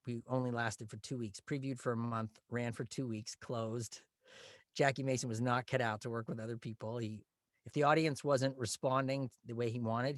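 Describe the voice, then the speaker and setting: 一个讲起故事来很生动的男人，嗓音中等，录音很干，几乎没有回声。. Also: male voice, mid-range voice, dry recording, clean studio sound. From Canada. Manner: animated storyteller, quick bursts. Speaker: guest, Broadway actor. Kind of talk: casual anecdote telling.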